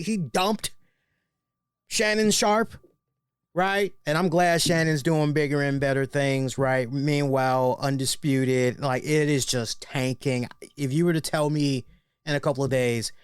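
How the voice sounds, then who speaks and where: A man's voice: fairly high pitch, smooth, no echo. A man hosting a wrestling review show, talking casually and animatedly, joking and tagging his points with "right?". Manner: animated and joking, often tags lines with "right?".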